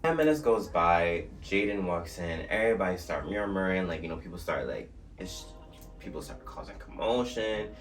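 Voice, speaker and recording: A young man from New Jersey telling a story on his vlog in an animated, slangy way with swearing. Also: deep voice. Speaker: vlogger. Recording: distant mic with faint music.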